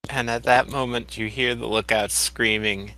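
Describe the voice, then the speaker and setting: A man's voice: medium pitch, steady tone, normal speed, bright, forceful tone, no echo, low-quality recording. A man narrating as game master, explaining at length with loose fillers and restarts.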